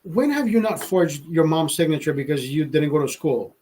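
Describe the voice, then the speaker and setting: Man, high voice, casual livestream chat, rambling, profane, laughs a lot. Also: expressive, moderate pace, a little mellow. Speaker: livestream host.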